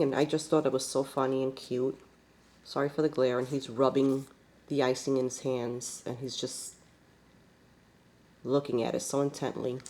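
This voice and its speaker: Very low-voiced woman chatting about crafts. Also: warm tone. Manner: chatty, rambling, many fillers. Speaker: scrapbook crafter. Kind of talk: casual show-and-tell.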